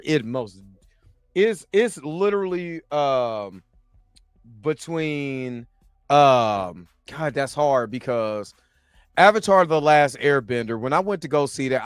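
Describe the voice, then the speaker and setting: A man with a high voice chats casually on a podcast, laughing often and talking in lively slang. The sound is dry and close to the mic. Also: no room sound. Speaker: podcast co-host. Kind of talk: casual chat.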